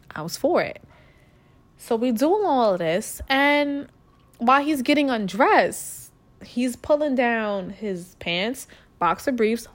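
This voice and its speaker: Blunt, profane woman with a New York accent. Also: medium pitch. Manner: blunt, crude and profane, talking straight to listeners. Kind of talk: casual storytelling monologue.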